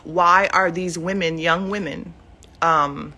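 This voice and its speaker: A woman's voice: lowish voice, steady tone, slow pace, pushed and bright. A woman in her forties speaking emotionally and at length in an unscripted live video from her living room, rambling with many fillers and restarts. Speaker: mother speaking out on social media. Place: living room at home, cluttered with clothes.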